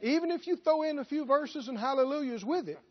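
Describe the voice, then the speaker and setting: A male preacher with a high voice delivers a sermon full of emphatic rhetorical questions. The recording is dull and lo-fi. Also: animated, brisk.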